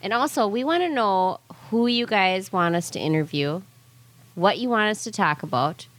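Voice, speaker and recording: Brisk woman hosting. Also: mid-range voice, expressive, fairly bright tone, no echo. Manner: brisk, keeps the show on track. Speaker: podcast host. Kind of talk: casual chat and show announcements.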